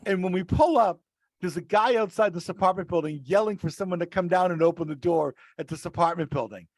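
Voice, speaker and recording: Brief: male podcast regular, raspy high voice, loose storyteller. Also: fairly quick, no echo. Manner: rambling, restarts mid-sentence. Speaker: podcast regular, rideshare driver. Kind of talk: casual storytelling.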